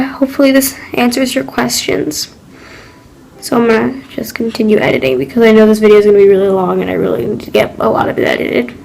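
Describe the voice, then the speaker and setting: A woman's voice: a little high, a little hiss or hum, low-quality recording. Choked-up teenage girl venting. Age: teens. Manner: halting, self-correcting, apologetic. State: choked up after crying. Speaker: vlogger. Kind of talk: confessional vlog talk.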